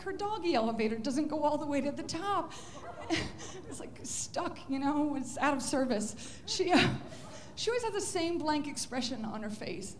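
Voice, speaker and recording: A woman's voice: high-pitched, a little hiss or hum. A woman stand-up comedian telling pet jokes in a chatty, self-interrupting way, often laughing.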